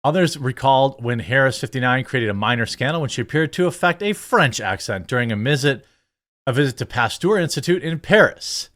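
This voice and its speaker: Middle-aged dude ranting politics, sarcastic, voice jumping all over. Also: male voice, medium pitch, lively intonation, a little fast, a bit bright. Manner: indignant, sarcastic, emphatic. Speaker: commentary channel host.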